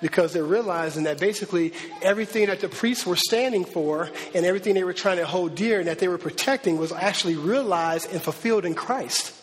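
A man preaching a casual, animated sermon as pastor, with many fillers and restarts. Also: high voice, a little fast, hardly any pauses, a little hiss or hum. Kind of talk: conversational sermon. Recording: long hall reverb.

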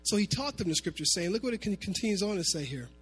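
A man preaching a sermon to his congregation, animated, sometimes half-singing his phrases. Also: high-pitched, fast, a little hiss or hum. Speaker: pastor.

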